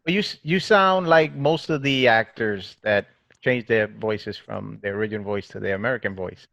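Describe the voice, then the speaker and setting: A man's voice: lowish voice, normal speed, gravelly, fairly bright tone, dry recording, highs cut off. A man chatting casually on a video call, rambling a little.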